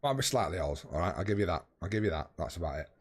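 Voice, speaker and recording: Tired thirty-something male streamer, lowish voice, casual and foul-mouthed with his chat. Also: animated, racing. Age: 30s. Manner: swears freely, bantering with chat. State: tired, yawning. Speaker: game streamer.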